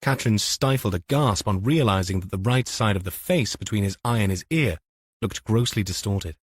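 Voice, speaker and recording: A man narrating a police novel in a measured, even storytelling manner. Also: lowish voice, slightly rough, dry recording, clean studio sound. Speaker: audiobook narrator. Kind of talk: scripted narration.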